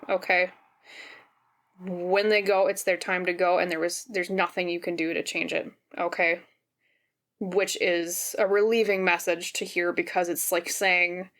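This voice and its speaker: A woman giving a pick-a-card tarot reading on camera, gentle and reassuring, often checking in with "okay?". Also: on the low side. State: briefly teary and emotional. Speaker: tarot reader. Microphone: camera mic, seen on camera.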